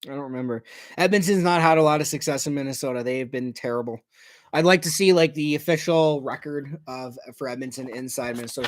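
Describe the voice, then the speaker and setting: A man giving casual fan commentary on a hockey game, ranting and cursing, swinging from shouts to low muttering. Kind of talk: fan watch-along commentary. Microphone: personal mic.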